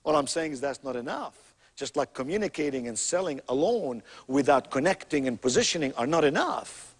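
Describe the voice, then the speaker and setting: A man's voice: high-pitched, gravelly, breathy edge, in a large hall. A man giving a motivational keynote, telling stories with emphatic, theatrical delivery and rhythmic repetition. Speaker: motivational speaker.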